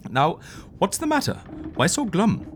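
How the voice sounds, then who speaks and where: An actor playing a fussy, refined gentleman who murmurs while he eats and talks in a pompous, genteel way. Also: high voice, huge pitch swings, a little slow, a little hiss or hum, heavily acted. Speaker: interviewer.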